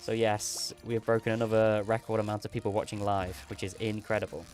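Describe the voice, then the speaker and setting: A man's voice: lowish voice, level tone, quick pace, darkish tone, soft background music. A man hosting a gaming livestream, rambling casually, laughing often and correcting himself mid-sentence.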